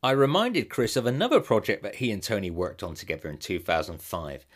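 A man's voice: lowish voice, wildly swooping pitch, fairly quick. A man hosting a podcast, narrating a short scripted link between interview clips. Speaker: podcast host.

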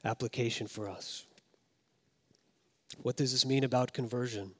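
A man preaching a sermon as pastor, swinging from loud emphasis down to hushed, quiet tones. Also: mid-range voice, steady tone, normal speed, breathy edge. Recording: long hall reverb.

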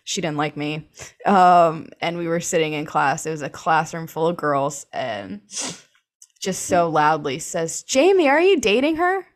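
Young adult woman, interview guest, low-pitched, chatty storyteller who laughs a lot. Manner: chatty, full of "like" and "um", laughs often. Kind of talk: casual personal storytelling.

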